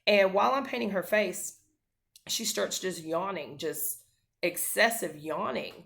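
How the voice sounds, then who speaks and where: A woman's voice: lowish voice, measured pace, creaky, fairly bright tone. A woman in her thirties, a mother, earnestly telling a family story to camera, with many fillers and restarts.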